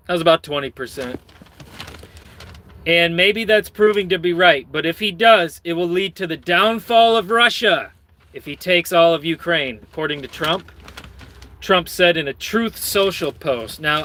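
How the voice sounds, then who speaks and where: A man's voice: fairly high pitch, unhurried, sharp tone, a little hiss or hum. A man hosting his own channel, reading news stories with rambling, sardonic and profane commentary. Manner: rambling, sardonic, swears a lot. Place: lives in Michigan.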